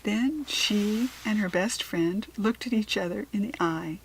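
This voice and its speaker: Expressive woman reading to children. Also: medium pitch, slight background noise, rough recording. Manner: slow, clear, expressive reading. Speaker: storybook reader. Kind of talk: children's read-aloud.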